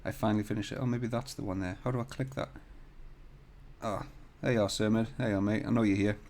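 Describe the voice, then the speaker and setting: A man's voice: lowish voice, steady tone, fast talker, vocal fry, darkish tone, slight background noise. A man hosting a live design tutorial stream from a hotel room, chatting casually and jokily with viewers and swearing now and then, into a desk microphone with no pop filter. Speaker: CAD tutorial livestream host. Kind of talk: casual livestream chat. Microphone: desk mic without shock mount or pop filter.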